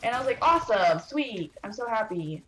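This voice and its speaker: A woman's voice: on the high side, a little fast. Young woman venting while gaming. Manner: rambling, heavy swearing, animated venting. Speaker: gaming streamer. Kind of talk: storytime while playing a video game. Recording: roomy echo, faint background noise.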